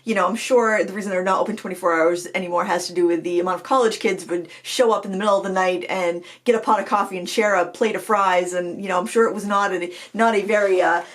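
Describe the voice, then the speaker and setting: A woman in her forties from Maine chats to camera as a craft vlogger. Her voice sits at an ordinary middle pitch. She rambles and breaks into laughter often. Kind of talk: casual chat to camera.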